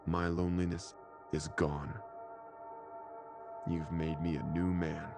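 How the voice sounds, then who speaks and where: A man's voice: deep voice, level tone, slow pace, vocal fry, over music, heavily acted. A man voicing a cheerful, eerily sweet adult man who dotes tenderly on his wife, in a scripted horror story reading. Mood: doting.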